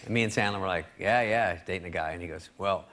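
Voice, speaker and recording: A man in his fifties, a talk show guest telling a comic story in a deadpan way and acting out the other people in it. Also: sits low, fast. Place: studio with audience.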